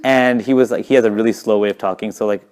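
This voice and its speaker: A man telling stories in a casual talk, talking fast and animated, sometimes dropping to a whisper for effect. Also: lowish voice, clean tone. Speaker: guest speaker.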